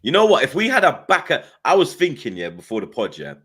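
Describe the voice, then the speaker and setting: A man's voice: medium pitch, wildly swooping pitch, fast, a bit bright, slightly rough. A man co-hosting a football podcast, laid-back and full of slang in casual banter. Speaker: podcast co-host.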